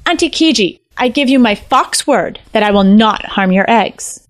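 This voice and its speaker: A woman voicing an eager young male fox trickster, talking in an excited, earnest way in a storybook. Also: on the high side, normal speed, natural voice. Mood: coaxing.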